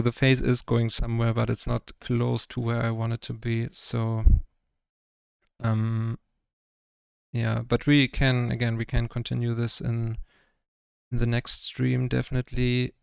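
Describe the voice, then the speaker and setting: A man's voice: mid-range voice, gravelly, clear, resonant tone, no room sound. A young man from Germany with a German accent, chatting casually and rambling with lots of fillers while he paints live on stream. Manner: rambling, filler-heavy, self-conscious about his English. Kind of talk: casual livestream chat.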